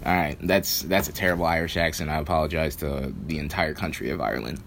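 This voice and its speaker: A man's voice: extremely low pitch, fast talker, creaky, slight background noise. A man giving a rambling, casual recap of a wrestling event, with lots of fillers. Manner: rambling, many fillers, relaxed. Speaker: wrestling show reviewer.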